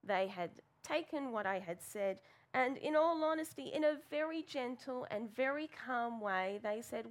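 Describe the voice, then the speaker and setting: A woman's voice: on the high side, lively intonation, unhurried. A woman preaching a sermon in church, telling a candid, self-deprecating personal story with plenty of fillers.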